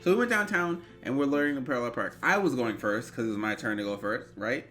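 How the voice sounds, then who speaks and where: A man in his twenties telling an animated, rambling story in a storytime vlog. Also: mid-range voice, quick pace, soft background music. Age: 20s. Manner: animated, rambling, bursts into yelps. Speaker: vlogger.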